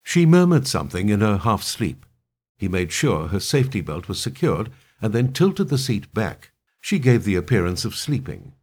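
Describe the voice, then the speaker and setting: A man reading a thriller aloud in steady, even storytelling narration. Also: on the low side, moderate pace, breathy edge.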